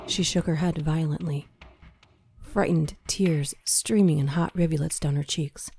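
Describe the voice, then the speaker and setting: A woman with a low, dark voice narrates a horror story in a measured, dramatic manner. Faint music plays behind her. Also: steady tone, husky.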